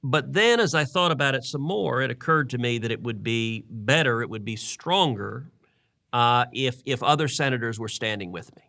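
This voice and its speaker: A man's voice: medium pitch, normal speed, vocal fry, sharp tone. A man co-hosting a political podcast, telling a long story in an earnest way and often repeating words as he builds his point. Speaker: podcast co-host, senator. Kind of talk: casual political talk.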